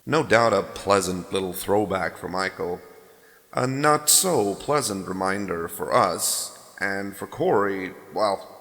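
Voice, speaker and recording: Male narrator for a roleplay story, low and wry, recorded with a long hall reverb. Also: animated, slow pace, fairly bright tone. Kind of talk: scripted narration.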